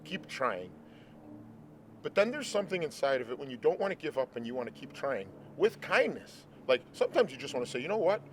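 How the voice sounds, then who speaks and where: A man's voice: medium pitch, big pitch swings, fast, few pauses, a little hiss or hum. A man in his forties hosting an interview, talking in an earnest, rambling way with many restarts. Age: 40s. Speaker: host. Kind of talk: casual interview chat. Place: outdoors at a ballpark.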